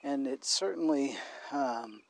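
A man co-hosting a casual conversational podcast, talking in a thoughtful, halting way and often restarting his phrases. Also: mid-range voice, creaky, slight background noise. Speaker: podcast co-host.

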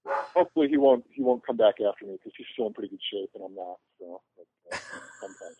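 A man's voice: on the low side, fast talker, mellow, slightly rough, no echo. A man guesting on a podcast, telling long rambling anecdotes with self-mocking jokes. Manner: rambling, joking storyteller. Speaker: podcast guest, convention organizer. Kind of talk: casual podcast chat. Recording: tinny phone line.

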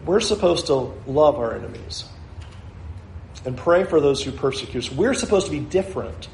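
A man's voice: medium pitch, lively intonation, normal speed, creaky, a little mellow, echoey room, slight background noise, poor audio. A male pastor preaching a sermon, earnest and building to emphatic challenges.

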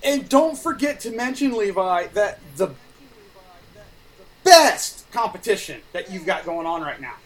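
Loud sarcastic podcast co-host. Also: mid-range voice, very animated, measured pace. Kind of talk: casual podcast banter.

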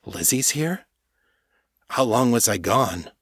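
A man's voice: medium pitch, expressive, takes it slowly, dry recording, clean studio sound. A man voicing a weary, blunt male hero with wry humor in an audiobook.

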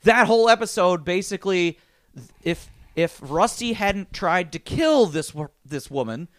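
A man talks fast and loose about a show he just watched, his voice jumping up and down as he gets worked up. He swears and laughs freely. The sound is dry and close, with no room echo. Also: high-pitched. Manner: animated, swears, laughs often. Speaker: podcast co-host recapping a TV episode. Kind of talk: casual chat.

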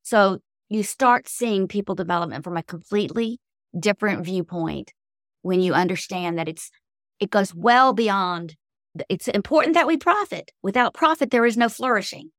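A woman's voice: medium pitch, expressive, normal speed, a bit bright, no echo, clean studio sound. A middle-aged woman, a guest author, telling heartfelt faith-based stories in an interview with an earnest, emotional manner.

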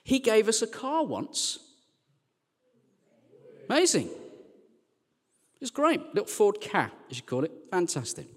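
A man preaching a sermon as a church team leader, chatty and joking, then turning quiet and earnest. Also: sits high, wildly swooping pitch, unhurried, long pauses, long reverb tail. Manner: conversational and joking, dropping to quiet earnest lines.

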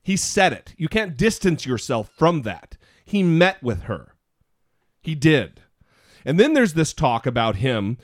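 Animated, self-mocking male podcast host. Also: a little high, unhurried, dry recording, clean studio sound. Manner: animated, self-deprecating, rambling. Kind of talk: casual podcast chat.

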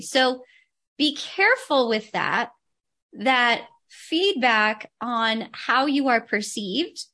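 A woman with a fairly high voice speaks as a guest in a podcast interview. She coaches on personal branding and states her points firmly. She repeats her key ideas to stress them. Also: pushed and bright. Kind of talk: interview conversation.

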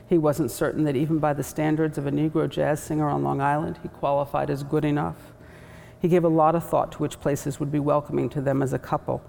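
Woman author, measured and thoughtful, gravelly voice, echoey hall. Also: low-pitched, mellow. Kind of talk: reading from her novel, then reflecting. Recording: echoey hall, faint background noise.

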